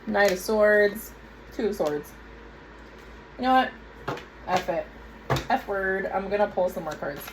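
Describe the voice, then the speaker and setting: A woman's voice: mid-range voice, lively intonation, unhurried, pauses often, a little hiss or hum, poor audio. A woman giving a casual tarot reading to her viewers, chatty and direct, with frequent asides. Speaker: tarot reader.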